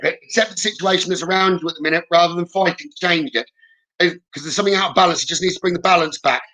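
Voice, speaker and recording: A man giving a live psychic reading at a rapid pace. His voice is bright and sits slightly high. He relays messages in a steady, reassuring way and keeps checking in with his listener. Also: rough recording. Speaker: psychic medium. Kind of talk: live-streamed spirit reading.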